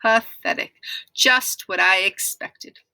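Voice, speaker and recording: A woman's voice: mid-range voice, takes it slowly, vocal fry, pushed and bright, clean tone, no echo, exaggerated voice. Woman reader doing a bossy eldest boy, dismissive and curt, dry close read. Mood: scornful.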